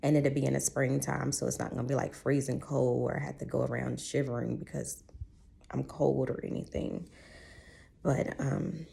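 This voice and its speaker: Low gravelly woman, heartfelt. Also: flat delivery, moderate pace, dark tone. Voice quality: voice going in and out. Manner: heartfelt, chatty storytelling with quoted voices. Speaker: vlogger. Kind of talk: personal health vlog.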